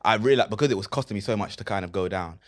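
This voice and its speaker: A young man with a London accent, co-hosting a podcast and telling a story among friends, animated and laughing often, with London slang. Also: fairly low pitch, very fast. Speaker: podcast co-host. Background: friends laughing and chiming in.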